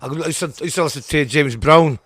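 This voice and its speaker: A man's voice: a little high, fast talker, a bit bright, slightly rough, dry recording. A Scottish man in his sixties, a punk singer being interviewed, blunt and full of swearing, often restarting his sentences. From Scotland. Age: 60s. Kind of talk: casual interview.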